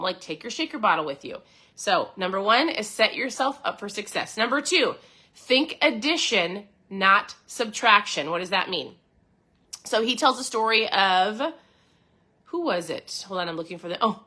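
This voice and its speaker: Bright, upbeat woman podcast host. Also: mid-range voice. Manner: chatty and upbeat, reading aloud from a book and commenting; addresses listeners directly with frequent check-ins. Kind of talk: casual motivational talk.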